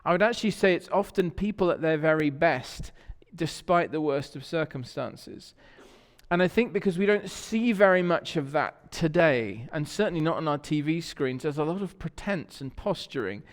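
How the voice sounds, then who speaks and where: English pastor preaching in a reverberant church. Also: male voice, fairly high pitch, expressive, normal speed. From England. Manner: conversational storytelling, asks the congregation questions. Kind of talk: sermon. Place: church sanctuary.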